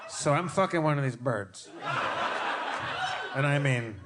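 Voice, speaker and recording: A man's voice: mid-range voice, a little slow. A man co-hosting a live comedy podcast on stage, stammering through restarts and cursing freely. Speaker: podcast co-host. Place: live stage before an audience. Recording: live show with audience noise.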